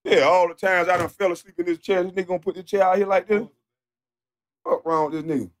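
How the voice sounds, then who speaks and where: A man streaming live, ranting off the cuff in a profane, mocking, animated way that sometimes turns to shouting. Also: high-pitched, fast. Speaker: livestreamer. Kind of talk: off-the-cuff livestream rant.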